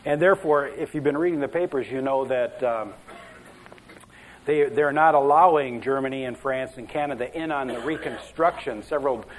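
A man's voice: medium pitch, slight background noise, rough recording. A man telling jokes as a pastor at the start of a sermon, in a folksy, rambling way, chuckling at his own stories.

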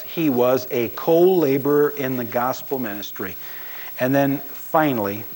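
A man's voice: mid-range voice, a little mellow, rough recording. A man preaching a sermon as a pastor, telling stories and acting out quoted voices with emphasis.

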